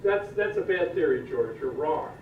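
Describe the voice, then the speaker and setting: Casual: man doing a chirpy high neighbor guy talking someone into pledging, lo-fi and far away, echoey. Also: animated, normal speed, noisy background, lightly acted. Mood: persuading. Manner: upbeat, persuasive. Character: cheery neighbor man, scolding but friendly. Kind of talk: amateur comic church video. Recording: dull distant roomy video playback.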